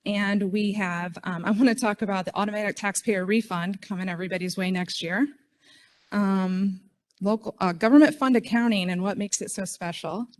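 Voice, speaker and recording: A woman's voice: mid-range voice, fairly even intonation, moderate pace. A middle-aged woman giving a chatty, self-deprecating speech at a conference podium. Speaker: state official speaking at a conference.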